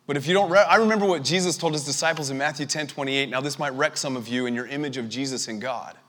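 A man preaching a sermon, chatty at first and building to forceful, emphatic delivery. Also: mid-range voice, quick pace, in a large hall.

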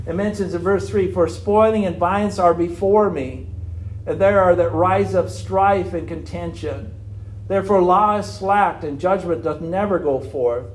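A man's voice: high-pitched, a little mellow. A man preaching an earnest sermon on struggling faith, full of rhetorical questions. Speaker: pastor.

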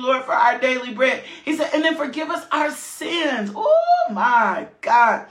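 Woman preacher, high voice, fervent sermon, shouts and whoops, echoey church sanctuary. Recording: echoey room.

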